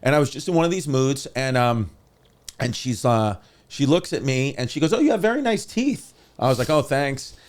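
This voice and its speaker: A man's voice: mid-range voice, normal speed, clean tone. A man around forty, a comedian guest on a podcast, telling a long story casually and acting out the voices of the people in it. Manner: animated, acts out quoted voices. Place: podcast studio.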